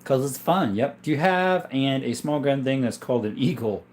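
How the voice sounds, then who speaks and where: A man's voice: mid-range voice, animated, normal speed, a little mellow. A man hosting a casual livestream, easygoing and rambling as he reads out chat names; he is sick and coughs now and then. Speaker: livestream host showing his gun collection.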